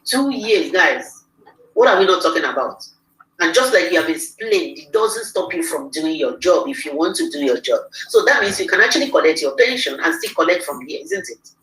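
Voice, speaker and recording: A woman hosting a livestream interview, excitable and rallying her audience. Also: on the low side, moderate pace. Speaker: host. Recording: echoey room, mic far off.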